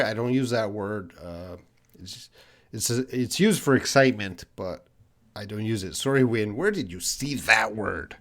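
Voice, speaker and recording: A man from Canada with a Canadian accent, an English teacher answering viewers' questions on a live stream in a patient, chatty way, explaining with repeated examples. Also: mid-range voice.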